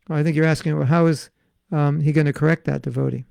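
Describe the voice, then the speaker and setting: American male spiritual teacher, fairly high, gravelly voice, dry close sound; playful, acts out bits of dialogue while answering questions. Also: level tone, brisk, a little mellow, dry recording. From United States. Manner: playful, acts out little dialogues and laughs often. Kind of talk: online class with questions and answers.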